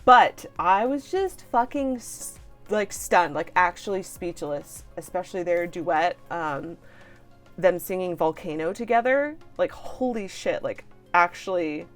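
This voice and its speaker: A woman hosting a reaction video, gushing and excitable, swearing freely and trailing off into fillers. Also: fairly low pitch, a little slow, soft background music. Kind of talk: casual reaction commentary.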